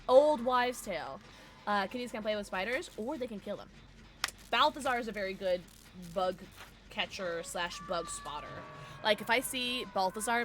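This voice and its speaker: A woman streaming a game and chatting casually with her viewers, playful and excitable. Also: medium pitch. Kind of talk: casual gameplay streaming, reading chat.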